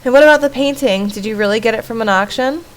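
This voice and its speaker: A woman's voice: a little high, fast, close to an everyday voice, low-quality recording. A woman reading aloud as a young heroine who questions and accuses her friend about her missing sister. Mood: suspicious.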